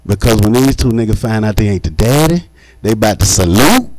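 A man, doing a profane stand-up set at an open mic, jumping up in pitch and volume on punchlines. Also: very animated, a little fast, no echo, rough recording. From Mississippi. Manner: profane, swings high and loud for punchlines. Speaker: stand-up comedian.

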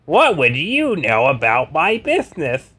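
A hapless, jittery playboy with a reedy, strained voice that sits far above its natural register, as a man puts it on. He sounds uncertain and comically uncool, with lively ups and downs in his pitch. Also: measured pace, noisy background. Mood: tentative. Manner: high and strained. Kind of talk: comedic dramatic reading.

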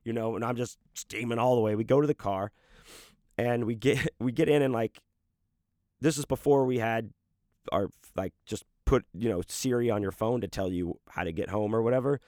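A man's voice: medium pitch, normal speed, a little mellow, dry recording, clean studio sound. A man casually telling a personal story, rambling and swearing freely with lots of fillers. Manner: profane, rambling, full of fillers.

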